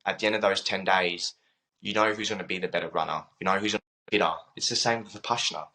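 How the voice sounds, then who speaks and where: A man's voice: sits low, steady tone, fast talker, bright, forceful tone, rough recording. A young man telling a personal story as an interview guest, earnest and reflective, repeating phrases and using many fillers.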